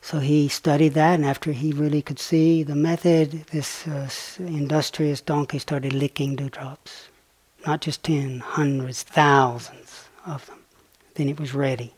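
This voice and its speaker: Male dharma teacher, animated storyteller, voice sinks to a soft hush for key lines. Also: fairly high pitch, unhurried, husky. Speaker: meditation teacher. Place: meditation retreat hall.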